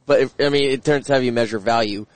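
Fast, earnest football-debating man. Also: mid-range voice, no echo. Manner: earnest, arguing his point. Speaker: sports podcast co-host. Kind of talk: casual sports debate.

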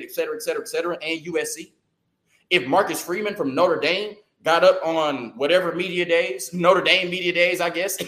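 A man hosting a sports show, ranting fast and excitedly, stumbling over words and firing off rhetorical questions. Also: a little high, reverberant. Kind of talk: heated sports rant.

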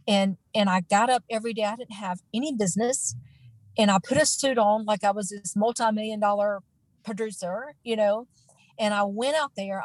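A woman's voice: a little high, no echo, poor audio. A woman in her forties, a guest in an interview, telling an emotional personal story in an earnest way, with many fillers and restarts.

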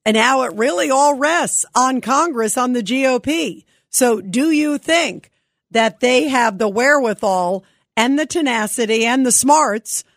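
A woman's voice: sits high, animated, a little slow, dry recording, clean studio sound. A woman hosting a talk radio show, speaking emphatically and indignantly, firing rhetorical questions.

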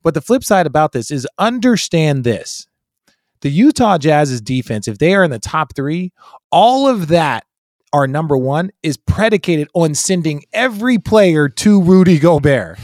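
A man's voice: on the high side, moderate pace, dry recording, clean studio sound. Emphatic man in casual sports talk. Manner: animated, emphatic, swears freely.

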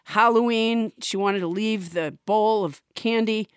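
A woman's voice: medium pitch, unhurried, clean tone, no echo. A woman comedian talking in a wry, rambling way, full of asides. Her voice sits mid-range and the sound is close and dry. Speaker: comedian co-host. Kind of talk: casual comic chat.

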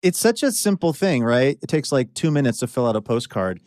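A man's voice: medium pitch, sing-song, a little fast, a little mellow, no echo, studio quality. A man hosting a radio show in casual chat, friendly and conversational as he guides the segment.

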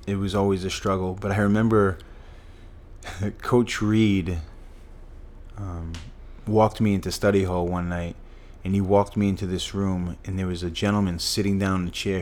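A man's voice: deep voice, little pitch movement, normal speed, darkish tone. A middle-aged man earnestly telling a personal story as an interview guest.

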